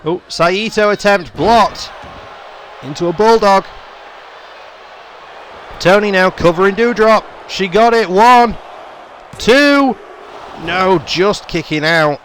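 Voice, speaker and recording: Excitable man doing game play-by-play. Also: high voice, takes it slowly, pauses often, a little hiss or hum. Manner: running commentary, rising to excited shouts on big moves. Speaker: gaming YouTuber.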